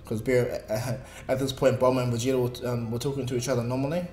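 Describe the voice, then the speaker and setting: A man's voice: medium pitch, level tone, quick pace, a little mellow. A man casually narrating a fan story in a rambling way, with filler words. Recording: echoey room, faint music.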